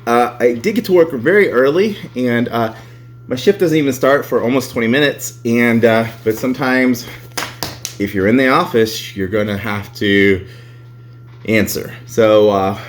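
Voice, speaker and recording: A man's voice: medium pitch, measured pace. A man chatting casually on a vlog, reading reviews aloud, laughing often and swearing freely.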